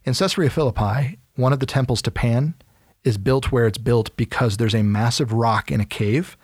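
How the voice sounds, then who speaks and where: A man talks through Bible passages on a podcast, casual and animated, slipping into the voices of the people he quotes. His voice sits at a middle pitch and sounds close and dry, with little room sound. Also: moderate pace, husky, no room sound. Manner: animated storytelling, acts out quotes. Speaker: podcast co-host. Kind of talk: casual Bible teaching chat.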